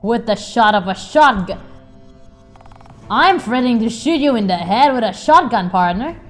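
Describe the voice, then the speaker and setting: A woman putting on a gruff cowboy recluse with a drawl. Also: animated, faint music behind, natural voice. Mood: menacing. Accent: put-on cowboy drawl. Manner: curt, threatening, low and measured. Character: gruff reclusive cowboy man guarding his shack. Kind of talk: reading a visual novel aloud with voices.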